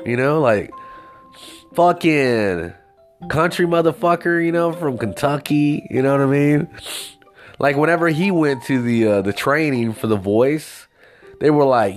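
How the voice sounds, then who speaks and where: A man's voice: mid-range voice, moderate pace, faint music behind. Profane rambling male storyteller. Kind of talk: casual storytelling rant.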